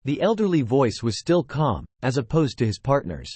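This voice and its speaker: A man's voice: mid-range voice, very animated, normal speed, a little mellow, slightly rough, no echo. A computer-generated male voice reading a fantasy web novel aloud, at times speaking the punctuation marks. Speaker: audiobook narrator.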